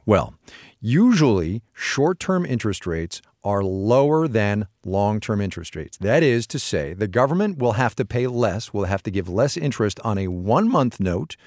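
A middle-aged man walks through an economics topic in casual podcast chat, asking questions and then answering them himself. His voice sits low but moves a lot in pitch. The sound is close and dry. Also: sing-song, moderate pace, darkish tone, no echo. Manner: patient, explanatory, asks and answers his own questions. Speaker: podcast co-host explaining economics.

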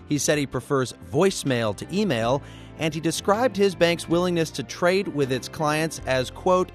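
A male news anchor reading scripted news and interviewing a correspondent in a brisk, conversational manner. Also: mid-range voice.

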